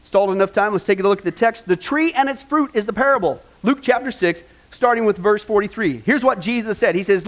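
Lively high-voiced male pastor. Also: fast. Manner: lively, quizzes the congregation. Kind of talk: sermon.

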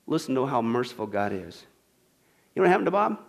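A male pastor preaching a sermon, swinging between loud, emphatic passages and hushed whispers. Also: medium pitch, sing-song, quick pace, vocal fry. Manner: dramatic swings from shouting to whispering.

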